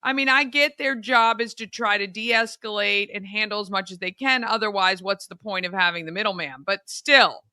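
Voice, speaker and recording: A cohost chatting casually on a morning show, agreeing with indignation. The voice is very bright and smooth, with a close, dry sound. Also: mid-range voice, moderate pace, hardly any pauses, dry recording.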